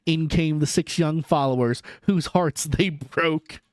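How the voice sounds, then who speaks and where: A man's voice: fairly high pitch, slow pace, no echo. A man streaming a live storybook reading, narrating expressively into a close microphone.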